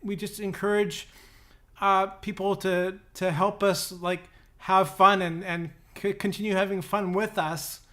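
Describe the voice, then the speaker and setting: A man from Canada co-hosting a live podcast, speaking in a halting way and repeating words. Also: high-pitched, flat delivery, a bit bright. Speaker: podcast co-host. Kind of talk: casual chat.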